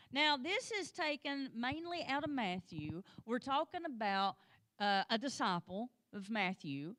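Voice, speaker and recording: A woman's voice: fairly high pitch, fairly bright tone. A woman teaching a Sunday school lesson, plain-spoken and folksy, with joking asides, and urging the class on directly.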